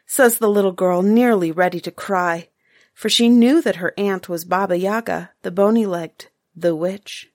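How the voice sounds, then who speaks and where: A woman reading a fairy tale aloud as storyteller, gentle and measured. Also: on the low side, no room sound, clean studio sound.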